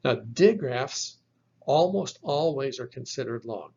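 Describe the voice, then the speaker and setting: A man teaching from slides, explaining each term slowly and carefully and spelling words out letter by letter. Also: mid-range voice, expressive, gravelly, mellow, breathy edge, highs cut off. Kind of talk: slide lecture.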